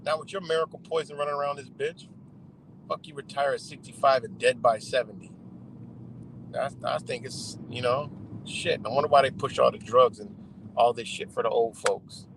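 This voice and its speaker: A man's voice: mid-range voice, normal speed, fairly bright tone, slight background noise, rough recording. A man hosting a livestream, ranting in a heated, profane, rambling way with scattered laughs. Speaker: livestream host. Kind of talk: profane casual rant.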